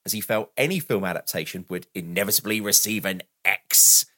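A man's voice: sits low, fairly quick, sharp tone, dry recording. A man co-hosting a casual film podcast, reading out film history with wry asides. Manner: reads film background aloud with wry asides and frequent laughs. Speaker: podcast co-host.

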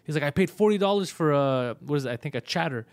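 Fast-talking, swearing comedian man. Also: a little high. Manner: animated, profane, acts out both sides of phone calls. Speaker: comedian podcast host. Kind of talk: casual storytelling chat.

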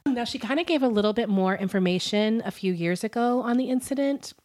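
A woman's voice: a little high, a little fast, a little mellow. A woman co-hosting a podcast, telling a story in casual chat with many fillers and frequent laughter. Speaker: podcast co-host.

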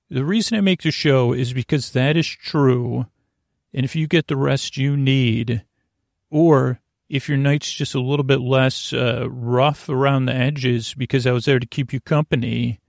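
A man hosting a sleep podcast, talking in a creaky voice and wandering off on tangents in a meandering bedtime ramble. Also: mid-range voice, a little mellow, dry recording, studio quality.

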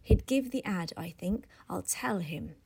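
A woman's voice: lowish voice, lively intonation, measured pace, vocal fry, darkish tone, husky, heavily acted. A woman reading the part of an earnest male ad canvasser who explains and pleads.

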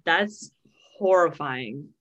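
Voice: mid-range voice, animated, extremely slow, a bit bright, highs cut off. A podcast host in casual chat who reacts to a guest's stories with shock and swearing.

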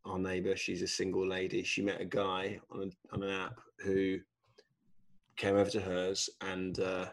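A man's voice: low-pitched, completely flat delivery, normal speed, vocal fry. A man hosting a casual chat, teasing his guest and repeating words as he asks questions.

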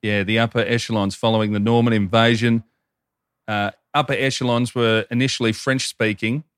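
A man's voice: medium pitch, flat delivery, brisk, clear, resonant tone, no room sound, clean studio sound. An Australian man co-hosting a podcast, chatting and reading listener messages aloud in an upbeat way. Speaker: podcast co-host.

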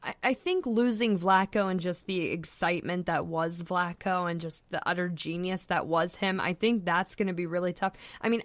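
A woman's voice: medium pitch, no echo. Woman podcast guest, casual and rambling, dry recording. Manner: chatty, many fillers and restarts. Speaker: podcast guest, soccer writer.

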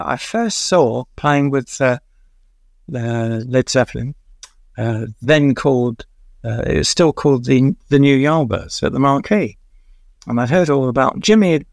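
An older man, his voice gravelly and fry-laden, recalls stories in a rambling interview manner. He pauses often with "uh" and chuckles at his own asides. The sound is dry and close, with no room echo. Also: mid-range voice, animated. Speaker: veteran music journalist, guest. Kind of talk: anecdotal interview storytelling.

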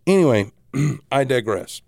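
A married man hosting a podcast, telling a story casually in a rambling, animated way with many restarts and asides. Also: medium pitch, measured pace, gravelly, dry recording, clean studio sound. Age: adult, married. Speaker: podcast host.

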